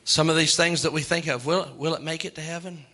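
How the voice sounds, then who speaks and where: A man preaching a sermon, chanting long lists in a slow rhythmic litany and chuckling between points. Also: fairly high pitch, steady tone, bright, forceful tone.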